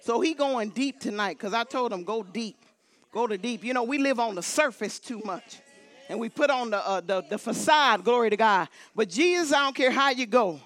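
Woman preacher, exuberant sermon, repeats calls to the congregation, bright tone. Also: fairly high pitch, lively intonation, normal speed. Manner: emphatic, repetitive exhortations. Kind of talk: lively sermon with holy laughter. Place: church sanctuary.

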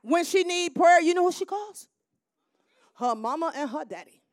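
Woman minister, middle-aged, high and bright, preaching with shouted builds; dry close sound. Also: lively intonation, normal speed, no echo. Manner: preaching with rising shouts and call-and-response. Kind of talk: sermon.

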